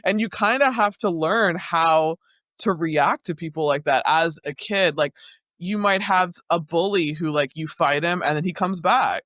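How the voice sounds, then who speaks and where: A man co-hosting a podcast, chatting casually about a show with quick opinions and frequent laughs. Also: on the high side, a bit bright, no room sound, clean studio sound. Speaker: podcast co-host. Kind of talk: casual recap chat.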